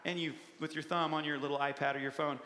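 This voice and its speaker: Playful, high-voiced preacher in an echoey church. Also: male voice, fast talker. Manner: playful, animated, punchy. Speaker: pastor. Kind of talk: sermon. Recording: echoey hall with long reverb.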